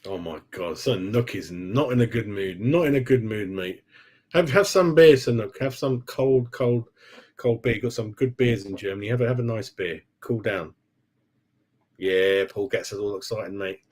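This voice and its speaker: A man's voice: on the low side, moderate pace, darkish tone. Chatty man, calls everyone mate. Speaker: football fan channel host. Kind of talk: casual live-stream chat with viewers.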